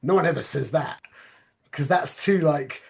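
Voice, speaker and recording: A man's voice: fairly high pitch, measured pace, gravelly. A man teaching an informal spoken class on a religious topic. He talks conversationally, keeps checking in with "yeah?", and mixes Hebrew and Yiddish terms into his English.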